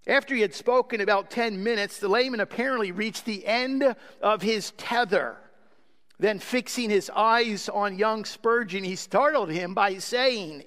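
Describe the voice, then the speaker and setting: Pastor guy praying and preaching, earnest, fairly high voice, big echoey church hall. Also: measured pace, a bit bright. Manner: earnest, prayerful. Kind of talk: sermon with prayer and storytelling. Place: church sanctuary. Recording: long hall reverb.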